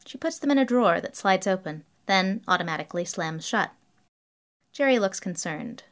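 A woman's voice: mid-range voice, lively intonation, normal speed. A woman narrating a whimsical story in a dry, matter-of-fact reading.

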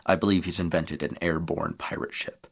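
Blunt frontier lawman, voiced by a man, wary, deep voice. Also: level tone, moderate pace, vocal fry. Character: plain-spoken wary male frontier lawman.

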